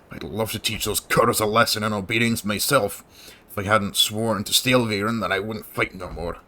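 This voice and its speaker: Low gruff farmer boss with a put-on rustic accent, as a streamer reads him, game dialogue. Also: male voice, bright, forceful tone. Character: gruff male farmer leader, angry at pirates.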